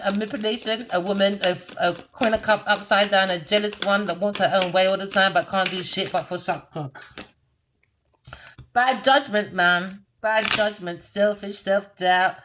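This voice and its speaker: A woman giving a casual tarot reading in a brash, profane, mocking way, laughing often and swinging between low muttering and loud, high bursts. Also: a little hiss or hum. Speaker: tarot reader.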